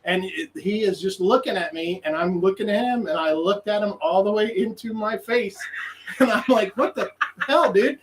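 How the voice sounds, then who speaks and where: A man's voice: high voice, moderate pace, a little hiss or hum, low-quality recording. A man guest on a podcast, telling a rambling story and laughing as he acts out what he said. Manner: animated, laughs through his stories; rambling, many restarts and quoted self-talk. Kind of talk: casual storytelling.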